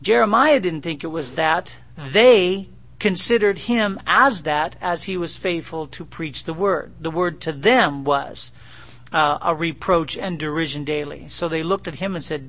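A male preacher delivers his sermon in a high, bright voice. He speaks in an animated, conversational way and keeps turning to the congregation with rhetorical questions. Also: moderate pace.

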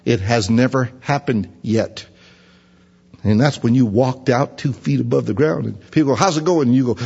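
A man preaching a conversational sermon, acting out everyday voices with a pitch jump. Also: moderate pace, gravelly, a little mellow, husky. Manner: conversational, acts out imagined voices in a higher pitch. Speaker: pastor. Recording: dull reverberant hall sound.

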